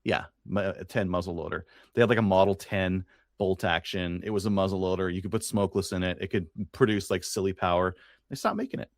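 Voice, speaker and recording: Rambling through a casual podcast chat, this Canadian co-host fills his talk with fillers and restarts. He sounds low and steady, speaking a little fast, recorded dry at studio quality.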